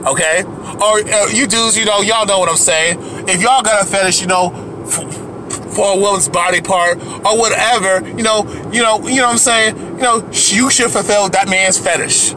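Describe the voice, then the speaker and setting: A man's voice: sits high, fairly even intonation, moderate pace, noisy background. A man delivering an angry, profane rant to camera as a video commentator, heated and repetitive, often restarting his sentences.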